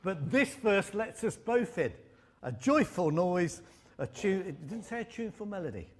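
Preacher with an emphatic, storytelling delivery. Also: male voice, high-pitched, sing-song, normal speed. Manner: storytelling with humor and emphatic repetition. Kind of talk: sermon.

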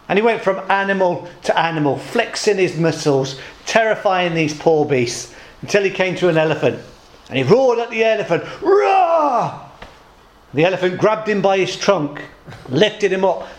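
Higher-voiced man preaching in an echoey church. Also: expressive. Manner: jokey storytelling, pausing in short phrases. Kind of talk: sermon. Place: church service.

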